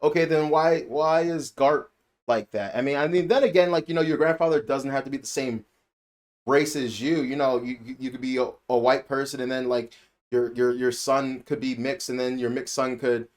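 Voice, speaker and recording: A man gives a casual spoken review as the host of his own channel. His voice sits at an ordinary middle pitch, and he rambles, restarts and repeats phrases to hammer a point home. The tone stays conversational throughout. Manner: rambling, repeats himself, emphatic.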